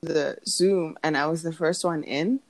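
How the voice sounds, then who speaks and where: A young woman chatting casually, telling an animated story, acting out what others said and laughing often. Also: deep voice, a little slow, no echo. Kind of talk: casual chat.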